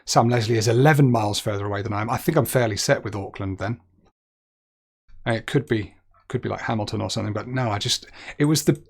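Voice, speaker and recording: A young man streaming a geography guessing game, chatting as he thinks aloud and making light of his own mistakes. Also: medium pitch. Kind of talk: gaming commentary.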